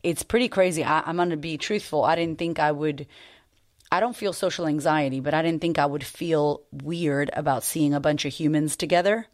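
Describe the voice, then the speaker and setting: A woman's voice: deep voice, normal speed, no room sound, clean studio sound. A woman hosting her own confidence-coaching podcast, talking in a bubbly, profane, slangy way. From United States. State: recovering from losing her voice. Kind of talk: casual podcast monologue.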